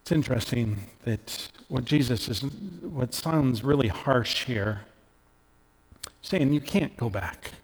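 A middle-aged man from Canada preaching a sermon as a pastor, earnest, lifting his voice for emphasis and dropping soft when he turns personal. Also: medium pitch, lively intonation, takes it slowly, slightly rough. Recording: long hall reverb.

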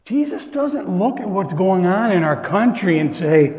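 Earnest high-voiced pastor in an echoing church. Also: male voice, very animated, measured pace. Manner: earnest, swings from hushed to emphatic. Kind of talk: sermon. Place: church sanctuary. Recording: echoey hall, long reverb.

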